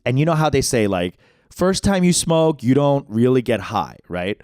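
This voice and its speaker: A man and podcast co-host telling a comedic story, animated, jumping into high-pitched quoted voices. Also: normal speed, no echo, clean studio sound.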